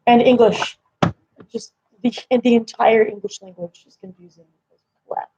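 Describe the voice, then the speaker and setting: A woman's voice: a little high, steady tone, normal speed, warm tone, breathy edge, no room sound. A young woman chatting casually with her viewers on a live stream from home, rambling with lots of fillers. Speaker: livestream host. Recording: slightly dull lo-fi stream audio.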